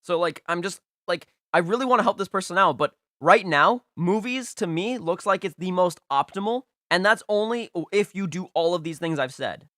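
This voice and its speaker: A young man hosts a casual live stream, talking through viewers' game teams. His voice sits a little high and has a bright, forceful edge. He is emphatic and playful, hammering points home by repeating them. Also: lively intonation, moderate pace, hardly any pauses, no room sound, studio quality. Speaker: livestream host rating viewers' game teams.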